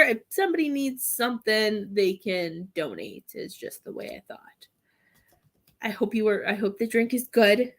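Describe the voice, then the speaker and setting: A woman's voice: on the high side, expressive, normal speed, fairly bright tone. A woman chatting casually with viewers on a livestream, rambling and laughing often as she offers readings. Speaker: psychic medium livestreamer.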